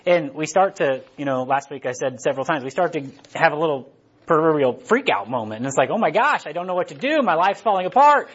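A man's voice: mid-range voice, breathy edge. Conversational male preacher, slightly muffled. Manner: conversational, asks "right?" often. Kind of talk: casual sermon.

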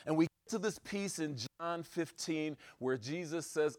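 A man delivers a sermon, shifting between loud exhortation and quiet asides and hammering his points with repeated rhetorical questions. His voice sits on the high side and he speaks unhurriedly with few pauses, captured in clean, echo-free studio sound.

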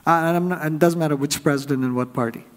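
Male pastor preaching conversationally, fairly high voice. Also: rapid-fire. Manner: conversational preaching with rhetorical questions; acts out quoted spouses in raised voice. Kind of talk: sermon. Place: church sanctuary.

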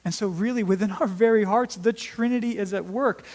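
A man preaching an earnest sermon, swinging between emphatic rises and quiet drops and often restarting his words. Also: sits high, a little fast, hardly any pauses. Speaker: pastor.

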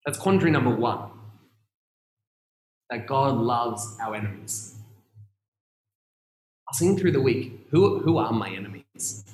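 A man preaching a sermon in a church, earnest and reflective, with long pauses and emphatic stresses. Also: medium pitch, animated, a little mellow, a little hiss or hum. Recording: roomy echoey room.

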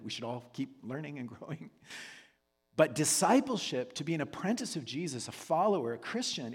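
A man's voice: medium pitch, breathy edge. A man giving a casual, conversational sermon as pastor, often checking in with listeners by asking whether they follow. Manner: conversational, asks the room "right?" often. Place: church hall. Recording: long reverb of a large hall.

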